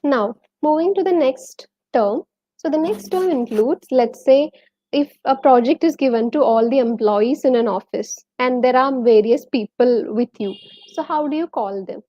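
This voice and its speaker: A woman's voice: high voice, moderate pace, dark tone, no room sound, muffled recording. A woman with a Malayali accent teaching a live online English lesson, quizzing viewers and reading out their names and answers.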